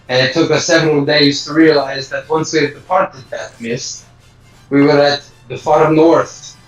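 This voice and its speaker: A man playing a tabletop game, explaining things in quick, casual speech. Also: a little high, a bit bright, muffled recording. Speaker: player. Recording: echoey room, distant from mic.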